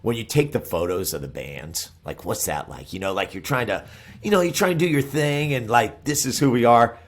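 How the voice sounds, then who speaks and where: A man's voice: mid-range voice, animated, brisk. A man hosting a podcast, asking casual questions with short encouraging replies. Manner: encouraging, frequent short affirmations. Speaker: podcast host. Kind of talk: casual interview.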